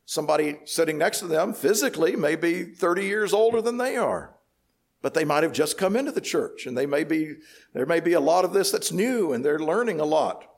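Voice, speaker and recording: Guy giving a sermon, kinda high voice with a gravelly edge, slow careful teaching. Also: expressive. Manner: measured teaching tone, explains word by word. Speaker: preacher.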